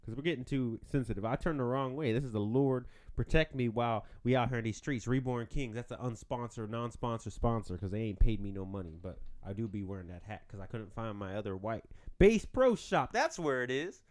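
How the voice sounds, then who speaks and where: A man's voice: medium pitch, brisk, darkish tone. A man hosting a podcast on his own, joking and rambling in casual chat. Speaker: podcast host.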